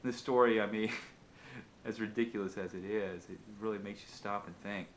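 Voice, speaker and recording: A man vlogging, telling a motivational fable in an animated, casual way with frequent restarts. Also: fairly low pitch, normal speed, slight background noise. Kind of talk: motivational storytelling.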